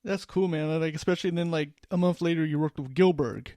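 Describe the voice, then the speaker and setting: A fairly high, mellow male voice asking a guest casual, eager questions on a podcast. The sound is dry and close. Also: quick pace, no room sound. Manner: eager, loose fan-like questions with laughs. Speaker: podcast co-host.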